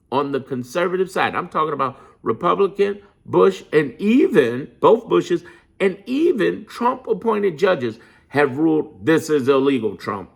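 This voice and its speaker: A man's voice: sits high, creaky, breathy edge. A man giving an impassioned, profane political monologue, repeating lines for emphasis and preaching motivation. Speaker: political commentator.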